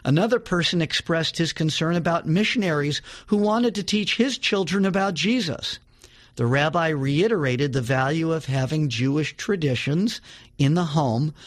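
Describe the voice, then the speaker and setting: A radio host with a slightly high voice runs a religious talk show, first reading a testimony aloud with dramatic emphasis, then shifting to casual talk with some fillers.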